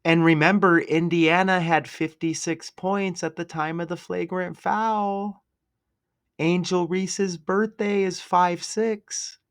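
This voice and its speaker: A man's voice: high voice, flat delivery, slow pace, a bit bright. A man hosting a casual video, commenting sarcastically over game footage and laying out number-cipher theories. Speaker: sports commentary video host.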